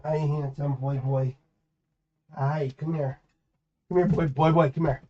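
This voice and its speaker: A young man streaming games, chatting casually, coaxing his dog in baby talk and ranting loudly when annoyed. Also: a little high, steady tone, measured pace, muffled recording. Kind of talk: casual livestream chat.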